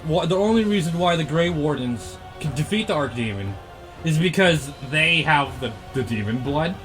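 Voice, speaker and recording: A man's voice: a little high, lively intonation, moderate pace, a bit bright, faint music behind. A man telling a comic plot recap of a video game, swearing, laughing and acting out the characters' lines. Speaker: comedy host recapping a game.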